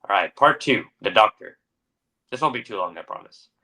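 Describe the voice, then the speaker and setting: A man's voice: fairly low pitch, animated, moderate pace, sharp tone. A young adult man co-hosting a podcast, narrating a story dramatically and then chatting casually with fillers. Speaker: podcast co-host. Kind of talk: story reading and casual chat.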